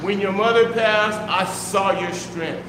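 In a spacious hall with noise in the background, a pastor gives a church sermon to a live congregation. His voice is high, his intonation fairly even, and his pace measured as he emphatically and lovingly repeats his key phrases.

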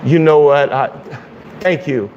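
A man serving as pastor, leading a casual online Bible study and prayer, greeting viewers with loose pauses and fillers. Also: on the high side. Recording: dull hall echo with faint hiss.

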